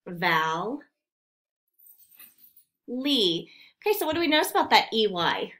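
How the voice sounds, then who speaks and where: A woman's voice: high voice, sing-song, very fast, fairly bright tone. A woman teaching a remote phonics lesson to second graders, patiently sounding out words syllable by syllable.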